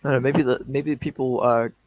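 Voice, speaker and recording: A man's voice: mid-range voice, steady tone, a little fast, darkish tone, no echo. A man co-hosting a livestream, chatting casually in a rambling way with many fillers. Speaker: co-host on a livestream.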